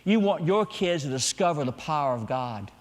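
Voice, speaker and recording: Middle-aged guy preaching in church, kinda high voice, long echo in the hall, gets loud then drops real quiet. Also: expressive, moderate pace. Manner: emphatic preaching, swings from loud to hushed. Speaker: pastor. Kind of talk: sermon. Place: church sanctuary.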